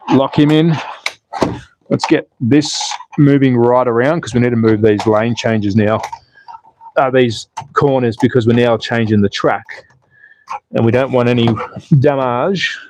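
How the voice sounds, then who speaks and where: A man's voice: mid-range voice, steady tone, measured pace, long pauses, darkish tone, slight background noise. A man chatting casually on a live stream while building a slot car track and reading the chat. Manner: chatty, self-deprecating, reads chat aloud while building. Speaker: slot car channel host. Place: indoors at home, building a track.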